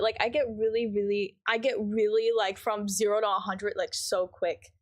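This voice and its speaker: A woman's voice: medium pitch, level tone, normal speed, hardly any pauses. A young woman with a Midwestern American accent chatting casually with her stream chat while gaming, rambling with lots of fillers. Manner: rambling, filler-heavy, reads chat aloud.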